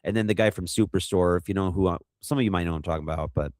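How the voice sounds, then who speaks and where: A man co-hosting a podcast, rambling through a movie recap and acting out quotes in quick funny voices. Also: sits low, darkish tone, no room sound, clean studio sound. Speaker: podcast co-host. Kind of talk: casual movie recap chat.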